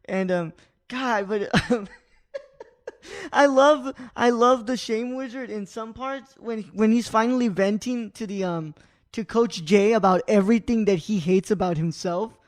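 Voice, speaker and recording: A young man in his twenties with a notably high voice talks loosely as a podcast co-host. He is animated, laughs often and fills his talk with "like", in a relaxed, casual chat. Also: a little slow. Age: 20s. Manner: animated, laughing, heavy use of "like".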